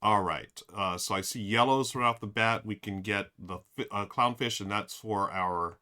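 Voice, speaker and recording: A man's voice: fairly low pitch, moderate pace, sharp tone. A man streaming a board game, thinking aloud with many fillers and talking straight to his chat. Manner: addresses chat directly. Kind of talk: casual live-stream commentary.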